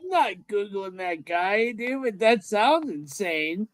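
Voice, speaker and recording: A man's voice: high voice, sing-song, slow, crowd noise, low-quality recording. A man hosting a live stream, chatting loosely and swearing a lot. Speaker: stream host. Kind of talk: casual profane chat. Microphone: streaming call.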